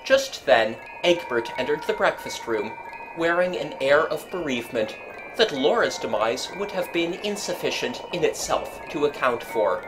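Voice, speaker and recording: Expressive woman reading a story. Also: sits low, moderate pace, music in the background, poor audio. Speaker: narrator.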